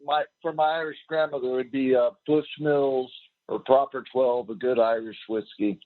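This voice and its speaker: A man calling into a talk show, halting and repeating his words, on dry, muffled lo-fi audio. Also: medium pitch, steady tone, no echo. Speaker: caller. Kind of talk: casual call-in chat.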